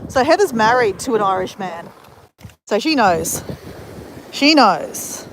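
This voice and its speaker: A woman chats casually on a live stream, rambling from one thought to the next and answering her viewers as she goes. Her voice sits a little high. She is outdoors on a beach, and wind buffets the phone mic throughout. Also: sing-song, slow. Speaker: vlogger.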